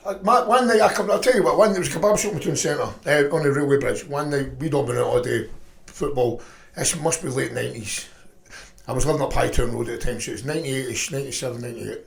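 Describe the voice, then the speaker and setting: A middle-aged man telling stories in a profane, rambling, animated way. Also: medium pitch, quick pace, creaky, reverberant. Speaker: podcast guest. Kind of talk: casual storytelling chat.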